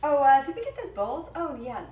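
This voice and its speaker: This cooking show host streams live from her own kitchen, bubbly, talkative, and self-mocking. Her voice sits high with big pitch swings, brisk and a little mellow, and the room is echoey with a faint clatter.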